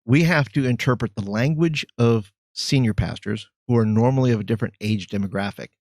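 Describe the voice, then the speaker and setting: Youth pastor guy on a podcast, thinking out loud, lots of ums, dry close mic. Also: mid-range voice, brisk, dry recording. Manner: thoughtful, searching for words with ums and uhs. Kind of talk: reflective interview talk.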